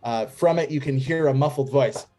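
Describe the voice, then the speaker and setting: A game master narrating a tabletop game, describing scenes with many pauses and fillers. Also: medium pitch, warm tone, soft background music.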